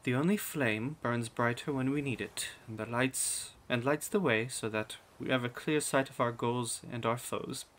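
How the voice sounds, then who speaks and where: A man voicing a calm, gentle queen who speaks softly and soothingly. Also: mid-range voice, normal speed, few pauses, slight background noise, lightly acted.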